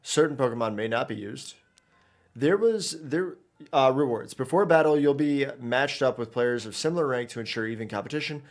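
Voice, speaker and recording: A man's voice: medium pitch, expressive, moderate pace, faint music behind. A man streaming a video game, talking casually and rambling with lots of fillers and restarts as he plays. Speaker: gaming streamer. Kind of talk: casual live gameplay commentary.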